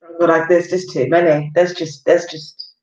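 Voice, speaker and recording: Woman in her thirties, lowish voice, rambling casual livestream chat, heard from a distance. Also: level tone, normal speed, a little mellow. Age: 30s. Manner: chatty, rambling storytelling with lots of fillers. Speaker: live-stream host. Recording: roomy, distant, dull home recording.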